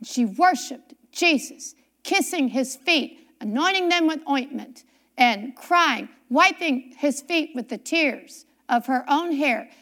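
A woman's voice: high-pitched, expressive, slow, a bit bright. A woman preacher delivering a sermon, reading scripture aloud, repeating key phrases for emphasis and asking her congregation questions.

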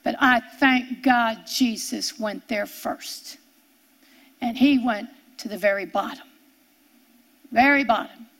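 A woman preaching a sermon, reading scripture slowly and drawing out her words. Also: on the high side, a bit bright. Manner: slow, drawn-out scripture reading.

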